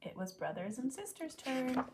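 A woman teacher reading a children's picture book aloud in an expressive way. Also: high voice, normal speed, background noise. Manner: expressive, animated.

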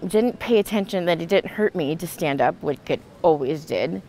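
A woman's voice: fairly low pitch, lively intonation, normal speed, a little mellow, a little hiss or hum, low-quality recording. A woman sharing an emotional personal testimony, earnest and full of restarts and fillers. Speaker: retreat participant sharing a testimony.

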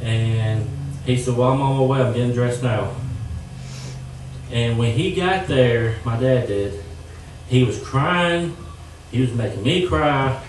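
A young man giving an earnest, halting testimony to his church. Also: medium pitch, a little hiss or hum. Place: church sanctuary. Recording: echoey church from far off.

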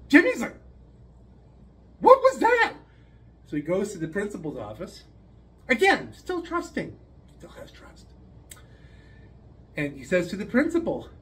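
A man in his fifties casually telling a long joke in a hotel room, animated and rambling. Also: sits high. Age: 50s. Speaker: storyteller.

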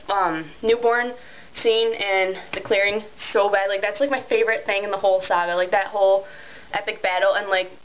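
A woman's voice: medium pitch, rough recording. Teen girl vlogger, bubbly and giggly, casual webcam chat with faint background hiss. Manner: bubbly, giggly, many ums and likes. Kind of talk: excited casual vlog chat.

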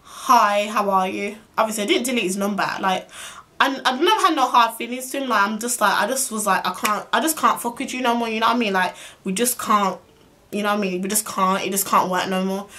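A young woman telling a storytime vlog in an exasperated, slangy, fast way. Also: medium pitch, bright, forceful tone. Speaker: vlogger.

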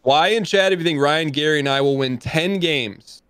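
A man's voice: on the high side, moderate pace, a bit bright, clean tone, dry recording. A man in his thirties co-hosting a casual stream chat, laid-back and self-deprecating, calling people dude and man. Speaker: show co-host.

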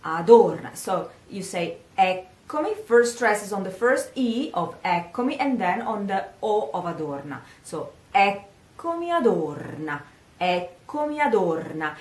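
A woman with an Italian accent, a singing teacher, giving a patient pronunciation lesson and repeating words slowly. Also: medium pitch. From Italy. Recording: echoey room.

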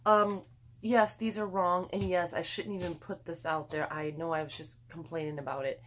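Middle-aged woman, rambling casual vlog chat, a bit low-pitched, faint room noise in the background. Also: steady tone, normal speed, fairly bright tone. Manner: rambling, chatty, swears freely. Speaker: vlogger. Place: home, indoors.

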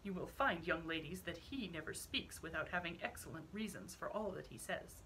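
A woman's voice: on the low side, lively intonation, moderate pace, sharp tone, slight background noise, low-quality recording. A woman reading a stern, frosty countess who speaks with cold civility.

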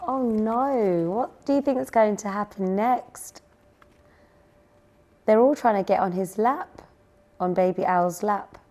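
A woman reading a picture book aloud to young children, gently asking them questions along the way. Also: medium pitch, slow pace, long pauses. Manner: gentle, asks listeners questions. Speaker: storyteller.

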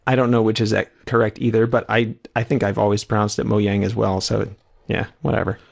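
A man's voice: lowish voice, flat delivery, a little fast, gravelly. A man co-hosting a podcast, reading listener mail aloud in an easygoing, casual way. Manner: easygoing, reads letters aloud.

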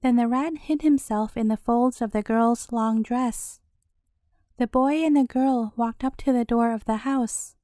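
A woman storyteller reading a bedtime fairy tale in a gentle, clear way. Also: fairly high pitch, fairly even intonation, a little slow, no echo, clean studio sound.

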